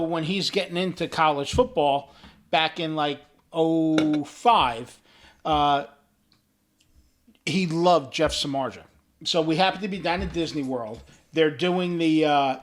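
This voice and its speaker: A man's voice: a little high, measured pace. A middle-aged man co-hosting a podcast, telling stories in a casual, profane way and acting out what people said. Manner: storytelling, profane, acts out quoted voices. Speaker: podcast co-host. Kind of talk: casual chat.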